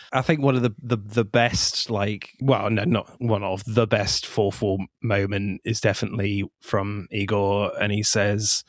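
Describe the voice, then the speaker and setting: A man's voice: fairly low pitch, no room sound, studio quality. A man co-hosting a casual film podcast, laughing often as he chats. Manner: giggly, laughs often, acts out film quotes. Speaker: podcast co-host.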